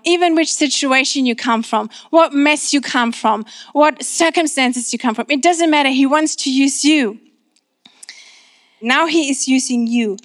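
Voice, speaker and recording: Woman preacher, conversational and earnest, a touch high-pitched, close and dry. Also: a bit bright, dry recording. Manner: earnest, conversational with filler words. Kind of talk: sermon.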